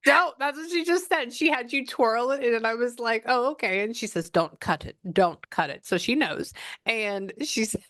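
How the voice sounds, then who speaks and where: A woman with a sharp-toned voice on the high side gives a casual psychic reading at normal speed. She frequently stops to listen, then relays what she hears as quotes, recorded at studio quality with no room sound.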